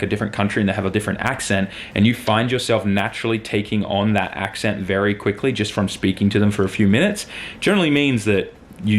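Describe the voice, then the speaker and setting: A man from Australia whose accent has faded toward American, rambling through a casual vlog monologue with plenty of "like" and "um". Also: fairly low pitch. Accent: faded Australian, drifting toward American. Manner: chatty, rambling, heavy on fillers like "like" and "um". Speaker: vlogger.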